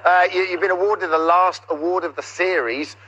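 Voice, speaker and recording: Man, TV host, playful studio presenting, theatrical, teasing, bright tense voice, slightly high. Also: steady tone, normal speed, lo-fi sound.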